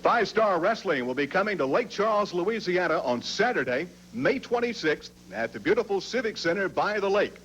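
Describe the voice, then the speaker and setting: A man announcing upcoming wrestling shows in a smooth, promotional style. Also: high-pitched, big pitch swings, normal speed, few pauses, fairly bright tone, highs cut off, a little hiss or hum. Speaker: show announcer.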